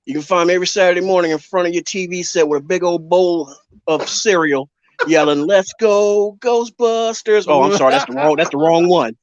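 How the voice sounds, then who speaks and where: Man, stream guest, joking, fairly high voice, dry muffled sound. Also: steady tone, quick pace. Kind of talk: casual chat.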